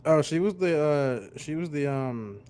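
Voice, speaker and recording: A man's voice: on the high side, animated, normal speed, darkish tone. A man in casual chat on a stream, mostly giving short agreeing replies and questions over an online voice chat. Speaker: co-host or guest on a chat stream.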